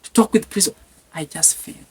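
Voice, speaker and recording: A man from Kenya, telling his life story in an interview, animated and repeating words as he goes. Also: quick pace. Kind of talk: lively personal testimony.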